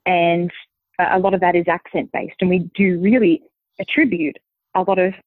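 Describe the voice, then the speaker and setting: Woman, softened Australian accent, measured explaining, phone-like sound, dry. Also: on the low side, flat delivery, no echo. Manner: measured, explanatory, thinks aloud. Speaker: linguist guest. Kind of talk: conversational interview answer. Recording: dry tinny phone-like line.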